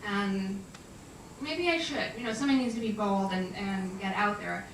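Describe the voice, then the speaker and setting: A woman, an animal communicator, tells animated, laughing stories to an audience. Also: medium pitch, moderate pace, a little hiss or hum. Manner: chatty, laughing, animated storyteller. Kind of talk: storytelling talk to an audience. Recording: distant, echoey room sound.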